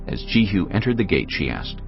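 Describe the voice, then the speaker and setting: Narrator, man, very deep and gravelly, dramatic and measured scripture reading. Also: very animated. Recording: dull lo-fi with background music.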